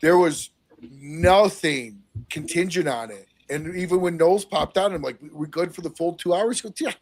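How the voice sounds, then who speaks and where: Male podcast guest, higher-pitched and gravelly, emphatic casual talker. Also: normal speed. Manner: emphatic, laughs often. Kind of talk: casual chat.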